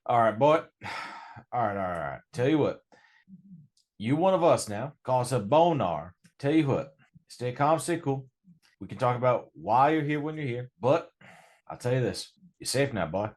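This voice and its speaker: A man voicing a gruff, swearing male werewolf street tough with a put-on Southern drawl, talking roughly to a newcomer. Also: medium pitch, expressive, normal speed, voice pushed up, close to an everyday voice. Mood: excited. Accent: Southern American drawl, put on. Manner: swearing, rough, fatherly talk. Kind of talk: tabletop role-play voicing.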